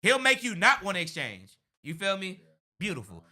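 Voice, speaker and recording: A man hosting a casual sports talk livestream, animated and chatty. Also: high-pitched, normal speed. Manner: animated, says "bro" and "you know what I'm saying". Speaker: sports show host.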